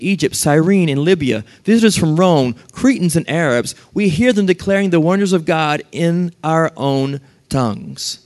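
Preacher, male, fairly high voice; animated sermon delivery with acted-out quotes. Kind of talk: sermon with scripture reading.

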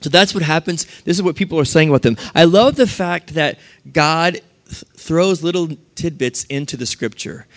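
A man delivering a lively sermon in a slightly higher voice than most men. He reads scripture passages aloud, then breaks into animated asides, acting out the voices of the people he quotes. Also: normal speed. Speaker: preacher.

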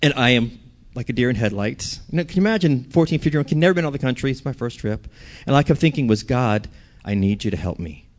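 A man's voice: medium pitch, animated, racing. A man preaching a sermon, telling a personal story and asking the audience questions.

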